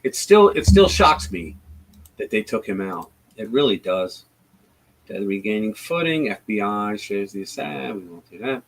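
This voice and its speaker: Animated, profane male livestream host. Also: lowish voice, moderate pace, gravelly, poor audio. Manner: blunt, profane, animated retelling with many restarts. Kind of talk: casual political commentary.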